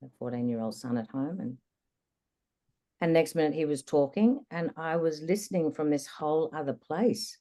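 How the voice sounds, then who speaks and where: A woman guest in an interview, candidly recounting a personal experience in a reflective, lively way. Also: deep voice, moderate pace. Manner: candid, reflective, animated retelling. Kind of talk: personal storytelling in conversation.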